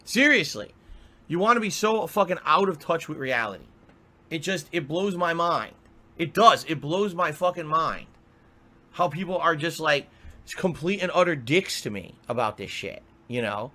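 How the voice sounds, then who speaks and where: A man's voice: a little high, animated, normal speed, sharp tone. A male streamer in an angry, profane rant, exasperated and repeating himself.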